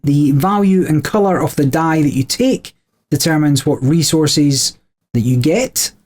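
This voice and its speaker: A man's voice: on the high side, expressive, measured pace, a little mellow. A man co-hosting a podcast, explaining board game rules in a chatty way with frequent small laughs. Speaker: podcast co-host.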